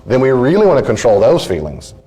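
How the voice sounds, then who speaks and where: Man, middle-aged, counselor teaching a group, earnest, acts out little dialogues, medium pitch. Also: huge pitch swings, fast, mellow, breathy edge. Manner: earnest, acts out everyday conversations.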